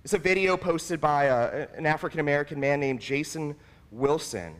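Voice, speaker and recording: A man's voice: a little high, moderate pace. Earnest male pastor in a reverberant church. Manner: earnest, personal and confessional. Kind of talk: sermon. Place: church sanctuary.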